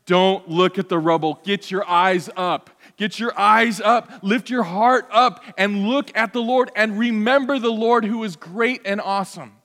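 Male pastor, earnest exhorting sermon, high pitch, long church reverb. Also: fairly even intonation, measured pace, hardly any pauses, fairly bright tone. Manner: earnest, exhorting, rhetorical questions.

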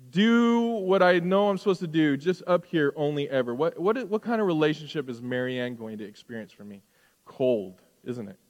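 A middle-aged man preaching a sermon as pastor, talking conversationally with rhetorical questions and moving between loud emphasis and hushed asides. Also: a little high. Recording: long hall reverb.

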